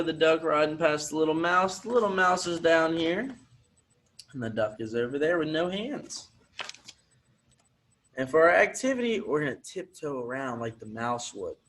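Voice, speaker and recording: A man's voice: on the high side, animated, normal speed, a bit bright, slight background noise. A man teaching physical education, reading a picture book aloud and coaching children through movement breaks in an upbeat, encouraging way.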